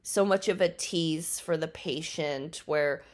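A woman hosting a podcast and telling stories casually, laughing often and pausing on ums. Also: deep voice. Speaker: podcast host. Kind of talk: casual storytelling.

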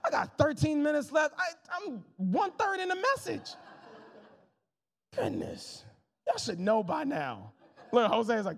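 A man in his thirties, a pastor preaching a sermon in a lively, conversational way with jokes and asides to the congregation. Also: extremely high pitch, unhurried, vocal fry, long pauses, big-room sound.

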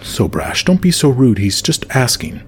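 A man's voice: mid-range voice, sing-song, moderate pace, slight background noise, pitched above the performer's own voice. A man voicing a well-spoken, bearded male bandit officer in chainmail who talks in a formal, condescending way.

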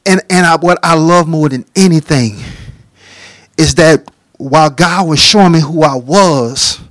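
A middle-aged man preaching a testimony, telling his story in an animated way and acting out the dialogue. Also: on the high side, unhurried, no room sound. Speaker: speaker giving a testimony.

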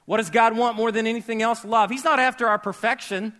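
A man preaching a sermon to a live church audience, conversational and joking, quizzing the crowd, and rising to shouts on key words. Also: extremely high pitch, fairly even intonation, brisk. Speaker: pastor.

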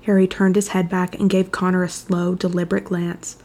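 A woman narrating a fan fiction chapter aloud, reading in an even, measured storytelling manner. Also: on the low side.

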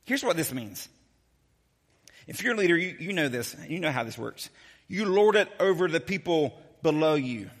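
A man preaching a sermon as a pastor, telling the story in a casual, joking, animated way. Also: a little high, moderate pace, big-room sound.

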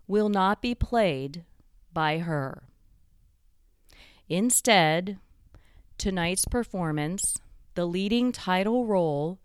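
A woman putting on the voice of a deep-voiced male theater announcer making a formal, measured announcement. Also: clear, resonant tone, no echo, clean studio sound.

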